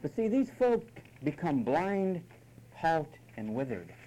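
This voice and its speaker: Male preacher, sermon, emphatic and mocking, lively swooping delivery, mellow dark tone. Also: a little high, slow pace, a little hiss or hum, rough recording. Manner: emphatic, mocking, imitates whiny voices.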